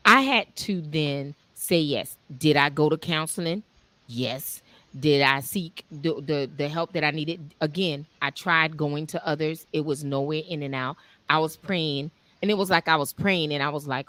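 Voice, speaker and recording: Woman, author guest, candid testimony, halting with fillers, low pitch, dry recording. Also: no echo. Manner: halting, many fillers and restarts, animated when retelling. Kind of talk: candid personal testimony, reading from her own book.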